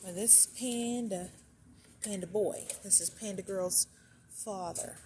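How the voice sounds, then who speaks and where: A woman in the middle of a pitch range talks slowly and easily while walking a camera through her rabbit barn. Her tone is relaxed and chatty, with small pauses as she gathers her thoughts. Steady barn ambience hums clearly behind her voice, which makes the recording noisy. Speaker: rabbit breeder giving a barn tour. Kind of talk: casual walkthrough narration. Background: barn ambience noise.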